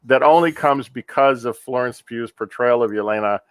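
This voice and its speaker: A man's voice: medium pitch, moderate pace, clear, resonant tone, dry recording. Dry-voiced man hosting a movie chat. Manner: leads the discussion, laughs easily. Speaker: podcast host. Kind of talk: casual movie review chat.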